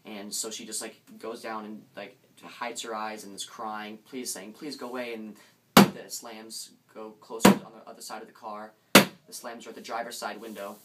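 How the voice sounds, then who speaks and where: Young man telling a ghost story haltingly. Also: lowish voice, level tone. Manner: hesitant, many restarts, suspenseful. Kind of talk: casual spoken ghost story. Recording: distant mic, faint background noise.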